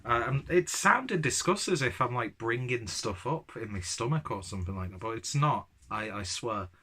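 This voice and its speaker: A man's voice: medium pitch, lively intonation, moderate pace, sharp tone, husky. Enthusiastic man reviewing beer. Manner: enthusiastic, self-mocking, rambling with ums. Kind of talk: casual tasting review.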